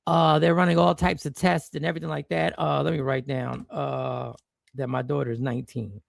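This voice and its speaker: A man's voice: a little high, little pitch movement, normal speed, creaky, no echo. A man, a stand-up comedian, telling a personal story to viewers in a loose, rambling way with slang and restarts. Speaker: stand-up comedian and stream host.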